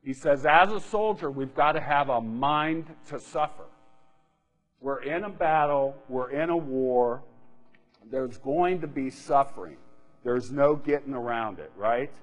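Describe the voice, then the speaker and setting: A man's voice: medium pitch, measured pace, faint music behind. A man preaching a sermon in a conversational way, often checking in with his listeners by asking "right?". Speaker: pastor. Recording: long reverb of a hall.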